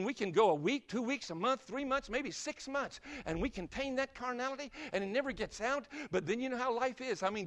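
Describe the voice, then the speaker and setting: An older man from Ohio preaching a sermon as an evangelist. He is dramatic, asks one rhetorical question after another, and swings from loud emphasis to soft, low asides.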